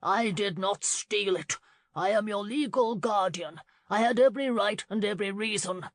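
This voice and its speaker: A man's voice: high voice, steady tone, moderate pace, dry recording. A woman voicing a corpulent, greedy uncle who bellows and blusters in an audiobook scene. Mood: blustering. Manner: loud, bellowing and defensive. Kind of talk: audiobook character reading.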